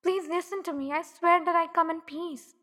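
A woman's voice: high voice, fairly even intonation, moderate pace, close to an everyday voice. A woman reading the lines of an earnest, determined young woman lawyer in a story, pleading politely. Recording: long echoing reverb.

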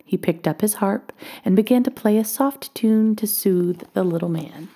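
A woman reading a children's storybook aloud, expressive and often dropping to a hush. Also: mid-range voice, moderate pace, slight background noise.

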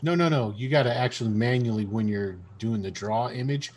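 A man's voice: mid-range voice, fairly quick, slight background noise. A man playing a tabletop game, chatting casually and explaining things patiently. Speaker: player. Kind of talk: casual chat.

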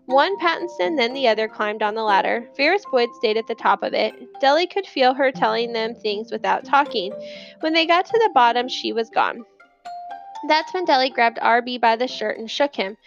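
A woman narrating a children's novel in a lively storytelling manner, putting on voices for the characters. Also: on the high side, moderate pace, lo-fi sound, faint music behind. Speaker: audiobook narrator.

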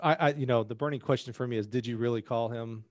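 A man's voice: mid-range voice, steady tone, fast. A man interviewing a coach, asking curious questions and reacting to his stories.

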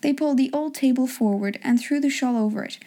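A woman narrating a storybook in a gentle, measured reading voice. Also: high voice. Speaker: audiobook narrator.

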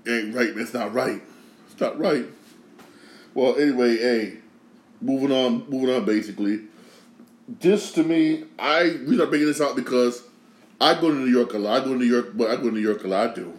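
A man from Connecticut hosting a podcast, ranting casually with slang and a lot of repetition, swinging from loud outrage to low grumbling. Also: reverberant. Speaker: podcast host. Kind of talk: casual sports rant.

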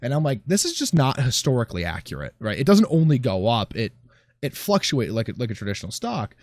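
A man's voice: mid-range voice, very animated, fast, a little mellow, no room sound. A man co-hosting a casual podcast chat, talking in a sarcastic, swearing way and often trailing off mid-sentence.

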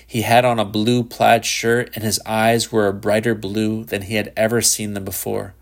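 A man narrating a literary short story in a measured, unhurried reading. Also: fairly low pitch, flat delivery, creaky.

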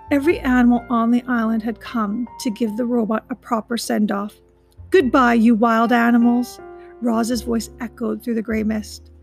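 A woman's voice: a little high, a little mellow, rough recording. Woman reading a children's story aloud. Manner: chatty asides to listeners. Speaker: reader of a children's novel.

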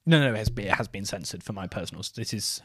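Lively man, playful co-host. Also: on the low side, fast, slightly rough. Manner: playful, bursts into silly jingles. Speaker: podcast co-host. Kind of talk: casual comedic chat.

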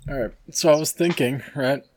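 A young man co-hosting a casual podcast, musing out loud with lots of fillers. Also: mid-range voice, fairly quick. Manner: rambling, filler-heavy, musing. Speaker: podcast co-host. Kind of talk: casual chat.

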